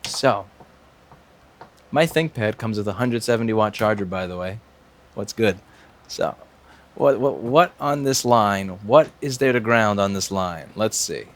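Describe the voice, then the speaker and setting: A man's voice: on the low side, expressive, normal speed. Wry, profane man explaining a repair. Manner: profane, wry, talks to himself and the board. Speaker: repair technician. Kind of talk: live repair stream, explaining as he works. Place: repair workshop bench.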